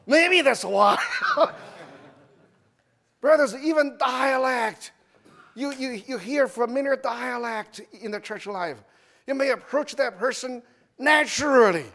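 Animated Chinese-accented man preaching. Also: high voice. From China. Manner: animated, repetitive, with broken English and restarts. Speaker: church speaker. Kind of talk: testimony sermon.

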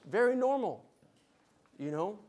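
A man's voice: sits high, sing-song, a little slow, a little mellow. A man speaking at a conference meeting, giving a Bible lesson and leading the audience in call and response. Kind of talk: Bible lesson with group exercise.

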